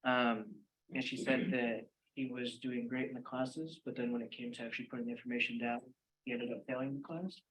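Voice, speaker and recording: A man's voice: mid-range voice, level tone, a little fast, fairly bright tone, husky, rough recording. A young man, a student representative, hesitantly passes a question on to a school board, with many fillers. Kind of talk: hesitant meeting report.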